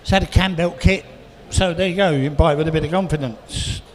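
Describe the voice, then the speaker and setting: Male auctioneer, fairly high voice, rattles off bids with chatty asides, reverberant hall with faint background noise. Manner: rapid bid calling with chatty asides. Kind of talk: live auction calling.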